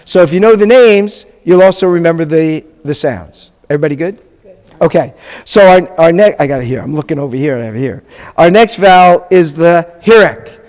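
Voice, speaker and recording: High-voiced man teaching in a hall. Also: expressive, a little mellow. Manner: patient, repeats sounds slowly, checks in with the class. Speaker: rabbi teaching a Hebrew class. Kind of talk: classroom teaching. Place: congregation classroom or hall. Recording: long reverb of a hall.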